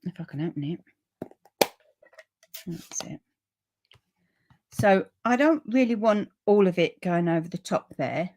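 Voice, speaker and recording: Hosting a papercraft livestream from an upstairs room at home, a woman speaks in a fairly low, darkish voice, animated but measured and pausing often. She drifts into friendly, rambling asides as she reads viewers' comments.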